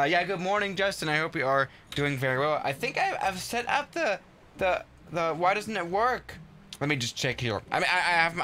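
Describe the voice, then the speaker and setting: A young man hosting a live flight-sim stream, chatting casually and excitably with many restarts. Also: a little high, a little hiss or hum.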